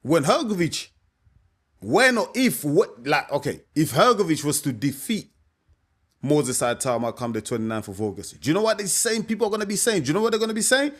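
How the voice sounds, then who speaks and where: A man's voice: a little high, lively intonation, a little fast. A man, a boxing coach giving his opinion to camera in a casual, emphatic way, often asking "you know what I mean". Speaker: boxing coach and channel host.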